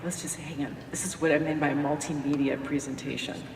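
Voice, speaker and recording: Delivering a tribute at a lecture hall podium, a radio morning show host uses a deep, steady voice with vocal fry, speaking a little fast in a folksy, jokey style. She is captured from far off in the echoey hall, and background noise is audible.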